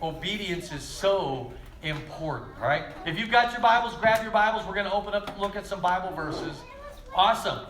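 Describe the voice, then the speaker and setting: A man teaching children at church, telling stories lively and speaking straight to the kids. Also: high-pitched, moderate pace, slight background noise. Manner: lively, storytelling, addresses kids directly. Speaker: children's pastor. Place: church kids' room. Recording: echoey room with faint ambience.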